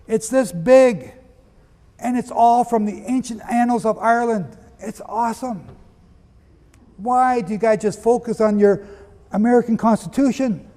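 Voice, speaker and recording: Male preacher, high voice, emphatic and questioning, long hall reverb. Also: warm tone. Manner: emphatic, asks the audience questions. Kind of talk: preaching lecture with readings.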